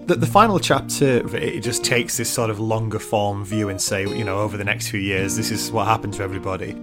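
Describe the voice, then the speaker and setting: A man's voice: on the low side, fairly quick, music in the background. A man co-hosting a podcast in casual, self-mocking chat full of fillers. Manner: chatty and self-mocking, with frequent laughs and fillers. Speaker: podcast co-host.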